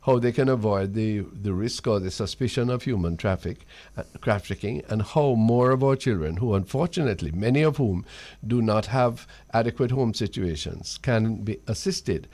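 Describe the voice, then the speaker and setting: A man with a Jamaican accent hosting a radio talk show, speaking in a measured way and often murmuring agreement. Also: on the low side, animated, a little mellow. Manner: affirming, measured, with frequent murmured backchannels. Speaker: radio host.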